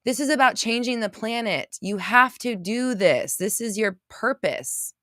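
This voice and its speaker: A woman's voice: on the high side, animated, unhurried, a bit bright, no echo, clean studio sound. A woman hosting a casual motivational livestream, reading viewer comments aloud and answering them in an emphatic, gushing way, repeating herself and swearing now and then. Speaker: livestream host.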